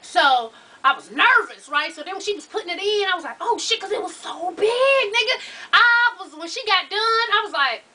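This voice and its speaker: A woman's voice: very high-pitched, moderate pace. A young woman telling a long story in a casual vlog, profane and laughing through it. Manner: animated, profane, laughs through her stories. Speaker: vlogger. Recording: voice from a distance off the mic.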